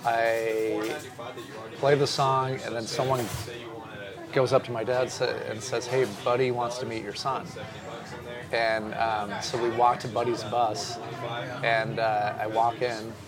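A man's voice: medium pitch, takes it slowly, crowd noise. A man, a drummer, telling stories in a casual interview and swearing casually. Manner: animated storyteller, swears casually. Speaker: drummer guest.

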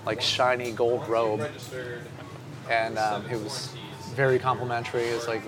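Animated male drummer telling stories. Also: mid-range voice, normal speed, crowd noise. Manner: animated storyteller, swears casually. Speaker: drummer guest. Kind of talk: casual storytelling interview.

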